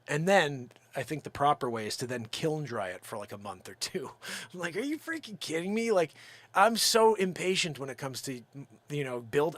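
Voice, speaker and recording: A lively man talks straight to his viewers in a fairly high voice. He tells a story and acts out each quote as he goes. His voice sounds dry and close, with no room echo. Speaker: livestream host and drum builder.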